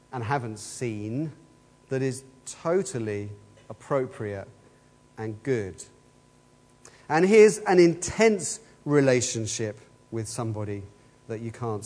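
Long hall reverb surrounds this man's medium-pitched, darkish voice as he delivers a sermon. He speaks earnestly and poses the same rhetorical questions again and again.

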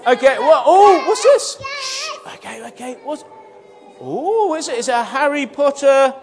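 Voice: high voice, big pitch swings, normal speed, a faint crowd. A children's church leader talking playfully and coaxingly with a group of children in a church.

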